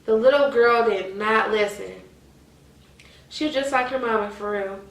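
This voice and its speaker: A woman's voice: a little high, moderate pace, reverberant, distant mic, rough recording. A woman, chatting animatedly to her viewers in a casual commentary. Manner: animated, addresses viewers as y'all. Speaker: vlogger.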